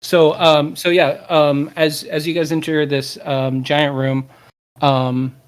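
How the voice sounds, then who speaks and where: A man's voice: fairly high pitch, little pitch movement, slow pace, clear, resonant tone. A man narrating as game master, hesitant and full of filler words.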